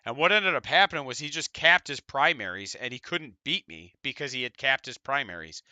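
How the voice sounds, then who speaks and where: A man casually telling stories as a podcast host, chatty and easygoing, slipping into quick impressions of other people. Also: mid-range voice, expressive, bright, forceful tone, no room sound. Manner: chatty and easygoing, full of fillers, quotes opponents in quick impressions. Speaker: podcast host recounting a tournament. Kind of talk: casual storytelling.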